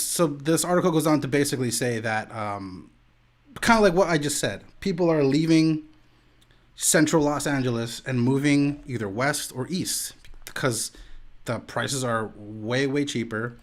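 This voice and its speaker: A young man talks loosely to his stream audience from home. He rambles in a laid-back way and leans on "like" and "dude". His voice sits at an ordinary pitch for a man. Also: normal speed. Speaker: streamer and podcast host. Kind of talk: casual chat on a live stream. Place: home room.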